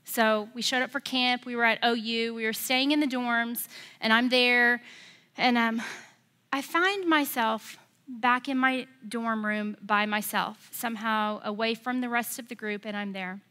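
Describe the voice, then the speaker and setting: High bright animated American woman preacher. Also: a little slow. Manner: animated storyteller, rising to passionate exhortation. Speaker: pastor. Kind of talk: sermon with personal storytelling.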